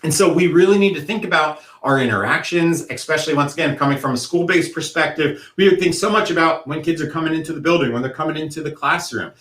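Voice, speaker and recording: A man presenting an educational workshop, explaining things in a steady way and using vivid analogies. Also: fairly high pitch, fast talker, few pauses. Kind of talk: educational talk. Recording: echoey room.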